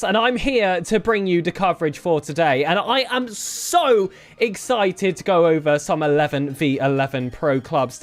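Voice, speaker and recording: A man, casting an esports match preview in an upbeat, chatty manner. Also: high-pitched. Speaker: esports caster.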